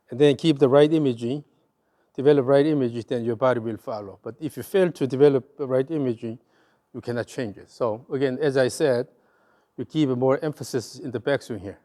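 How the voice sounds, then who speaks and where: A man with a Korean accent coaches a golf swing in a mellow, warm voice. He talks in an instructive way and repeats short cues over and over in rhythm with the movement. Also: mid-range voice. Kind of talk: hands-on coaching.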